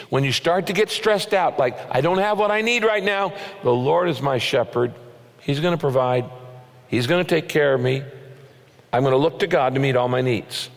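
A pastor preaching a sermon in an earnest, emphatic way, asking rhetorical questions. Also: male voice, on the high side, expressive, normal speed, in a large hall.

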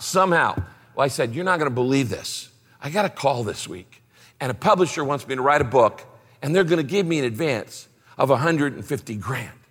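Bright-voiced pastor in a reverberant hall. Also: male voice, mid-range voice. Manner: acts out dialogue with God in shifting voices. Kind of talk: storytelling sermon. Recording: long reverb of a large hall.

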